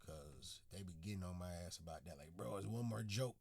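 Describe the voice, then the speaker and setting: A man hosting a casual reaction video, talking in excitable, laid-back slang. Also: sits low, a little fast, gravelly, no room sound. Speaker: reaction channel host.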